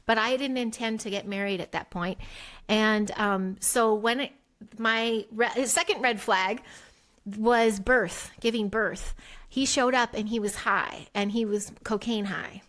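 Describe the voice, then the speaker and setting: Middle-aged woman, podcast guest, candid storytelling, animated, acts out dialogue, fairly high voice. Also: a little slow. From United States. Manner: animated, acts out quoted dialogue with pitch jumps.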